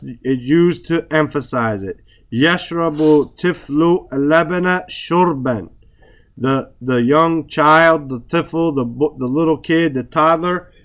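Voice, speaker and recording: A man teaching Arabic grammar in a relaxed way, stressing words for emphasis and often checking in with "right?". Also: a little high. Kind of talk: relaxed classroom explanation.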